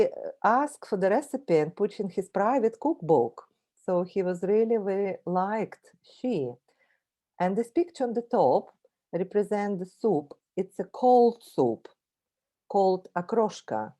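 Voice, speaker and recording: A woman from Russia with a Russian accent, giving a friendly travel presentation that includes a short language lesson, repeating words slowly for the audience to copy. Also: medium pitch, warm tone.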